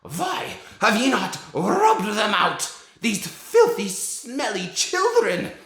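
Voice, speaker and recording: A man's voice: sits high, huge pitch swings, slow, a bit bright, roomy sound, voice pushed up, exaggerated voice. A man voicing a tyrannical female witch with a screechy, put-on Slavic accent and rolled R's. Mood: furious shrieking. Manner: shrieking, commanding, theatrical.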